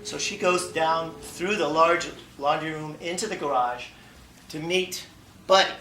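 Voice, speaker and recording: A man tells a funny personal story to an audience, animated, acting out the dialogue and laughing along. His voice is bright and forward. He is picked up from a distance in an echoey room with faint ambience. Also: fairly high pitch, unhurried, a little hiss or hum. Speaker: humor contest speaker. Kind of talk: humorous personal story speech. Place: meeting room before an audience.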